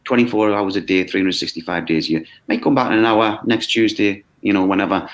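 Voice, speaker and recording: A man with a lowish voice, talking over a video call. He explains things in a lively, conversational way, slips into quoted voices and often checks in with "okay?". He sounds like a course leader talking a friend through an idea. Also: quick pace. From United Kingdom. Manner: animated, acts out quoted voices, frequent "okay?".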